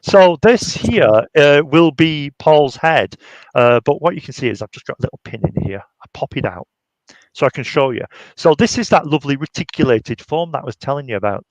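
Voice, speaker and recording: A man's voice: a little high, lively intonation, a little fast, no echo, muffled recording. A man, chatting casually and jokingly as a guest while he shows his handmade puppet. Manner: chatty, jokey, demonstrating by hand. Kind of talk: casual chat on a live stream.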